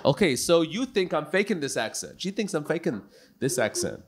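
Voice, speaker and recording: A man performing stand-up comedy in a club, with an animated, punchy delivery full of rhetorical questions. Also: on the high side, a little fast.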